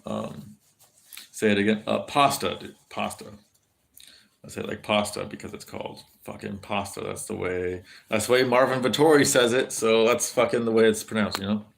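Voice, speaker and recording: This livestreamer, an American from California, has a gravelly, lowish voice with fairly even intonation and a brisk pace. He answers chat casually, rambling, cursing often, and using many fillers.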